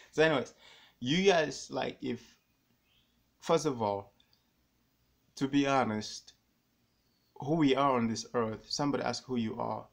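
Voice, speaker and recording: A man vlogging to camera, telling a personal story in a rambling, animated way and repeating himself often. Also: mid-range voice, measured pace, gravelly, long pauses.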